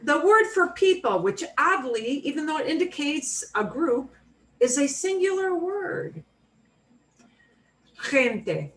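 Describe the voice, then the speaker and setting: An American woman teaching a beginners' Spanish class, slowly modeling each word for her students to repeat. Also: high-pitched, lively intonation, a bit bright. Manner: slow, clear modeling of words for repetition. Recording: room mic from a distance, faint noise.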